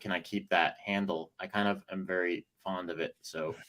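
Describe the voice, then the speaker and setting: A man, an author and jiu-jitsu instructor, chatting casually as a podcast guest, animated and laughing a lot. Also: sits low, moderate pace. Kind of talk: casual interview chat.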